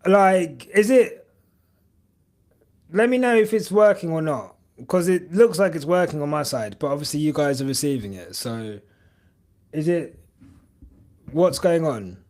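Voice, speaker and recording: A man's voice: a little high, animated, unhurried, pauses often, a little mellow. A young man chatting casually on a live stream, rambling with many fillers and casual swearing. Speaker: podcast host streaming live.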